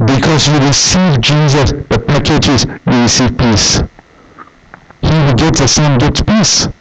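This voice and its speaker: A middle-aged male pastor preaching a sermon, animated, with rhetorical questions and anecdotes told through quoted dialogue. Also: mid-range voice, measured pace, poor audio.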